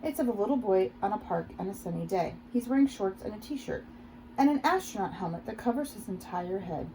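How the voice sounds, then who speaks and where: Woman reading a novel, with vocal fry. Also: medium pitch, lively intonation, brisk, mellow, slight background noise, low-quality recording. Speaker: audiobook reader. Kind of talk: first-person audiobook narration.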